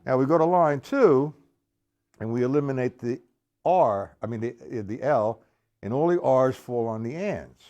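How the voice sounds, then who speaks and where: Older man teaching drums, lively voice. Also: mid-range voice, measured pace, dull audio. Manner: talks to chat viewers by name, counts beats aloud. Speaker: drum teacher. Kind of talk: live-streamed music lesson. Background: drum kit.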